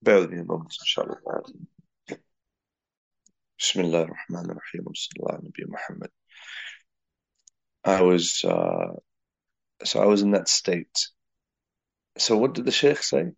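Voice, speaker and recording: A man's voice: deep voice, big pitch swings, normal speed, gravelly, long pauses, husky, dry recording. A man from England giving a reflective spiritual talk, telling a personal story and weaving in Arabic and Urdu religious terms. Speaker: religious teacher.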